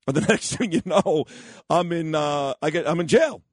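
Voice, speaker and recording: A man hosts a radio show, his pitch sitting a little high and swinging widely as he tells a story. He talks in a blunt, rambling way, and the studio sound is close and dry. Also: lively intonation, moderate pace, no echo. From New York. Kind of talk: storytelling and opinionated chat.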